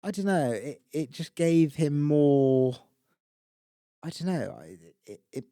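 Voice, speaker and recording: A man co-hosting a film podcast, his voice mellow and dark in tone. He rambles casually and lets his thoughts trail off into softer asides, recorded close and dry with no room around him. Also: a little high, expressive, slow pace, no room sound. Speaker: podcast co-host. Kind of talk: casual film review chat.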